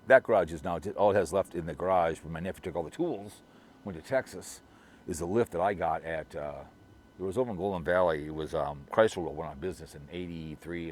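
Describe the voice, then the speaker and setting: A middle-aged man with a very low, deep voice rambles through a casual vlog, repeating himself and restarting sentences as he gossips. Soft background ambience sits behind him. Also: slight background noise. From Minnesota, US. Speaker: vlogger.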